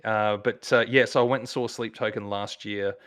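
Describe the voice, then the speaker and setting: Enthusiastic Australian man, lowish voice. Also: fairly even intonation, normal speed, fairly bright tone, clean tone. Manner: enthusiastic, rambling storyteller with many fillers. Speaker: musician guest. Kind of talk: casual chat.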